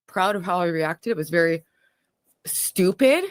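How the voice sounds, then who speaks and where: A woman's voice: on the low side, animated, a little slow, dry recording. A woman talking casually on her livestream, scattered and rambling.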